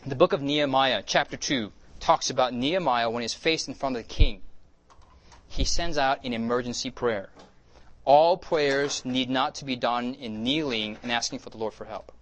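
A male pastor giving a conversational sermon, acting out little dialogues and dropping to a soft, quiet voice at times. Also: medium pitch. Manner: conversational, acts out dialogue, drops to near-whispers.

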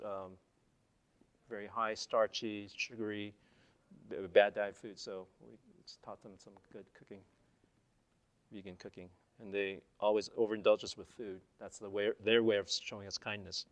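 A man's voice: lowish voice, fairly even intonation, normal speed. A man presenting at a seminar, telling stories from his slides in a chatty, conversational way with frequent restarts. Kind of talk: casual slide presentation storytelling.

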